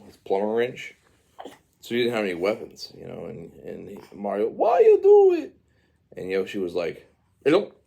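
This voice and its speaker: A man's voice: deep voice, creaky, a little mellow. A man telling his baby a rambling, improvised story, full of fillers and asides.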